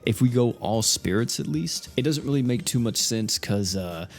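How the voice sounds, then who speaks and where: A young man giving casual, animated commentary on a mobile game update, thinking aloud and laughing now and then. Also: medium pitch, moderate pace, creaky, soft background music. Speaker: gaming YouTuber.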